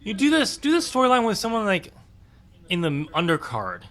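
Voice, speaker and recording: A man's voice: sits high, wildly swooping pitch, brisk, fairly bright tone. A man co-hosting a wrestling podcast in casual chat, opinionated and chatty, with frequent ums. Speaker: podcast co-host.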